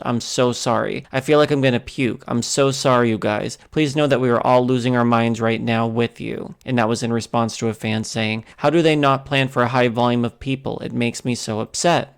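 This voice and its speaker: A man's voice: medium pitch, gravelly, smooth. A man hosting a commentary video, reading posts aloud and giving his own thoughts in a casual way. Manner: reads quoted posts loudly, then talks casually with fillers. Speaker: commentary channel host.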